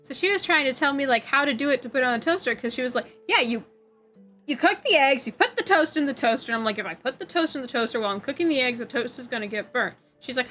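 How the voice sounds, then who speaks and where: A young woman streamer chatting casually while crocheting, telling a rambling story, swearing freely and getting animated when she quotes people. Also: high voice, quick pace, soft background music.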